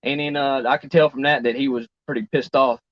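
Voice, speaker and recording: A man playing a rural male cow owner in a comedy sketch, with a slow rambling drawl, on a dull lo-fi recording. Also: medium pitch, fairly even intonation, a little hiss or hum, natural voice. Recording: dull dry lo-fi clip.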